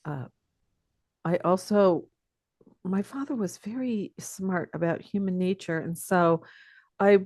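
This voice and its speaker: In a relaxed podcast interview, this older teacher from the Pacific Northwest reminisces thoughtfully, laughing softly through her stories. She speaks slowly with frequent pauses, her fairly low voice a little mellow. The audio is studio quality, free of room sound.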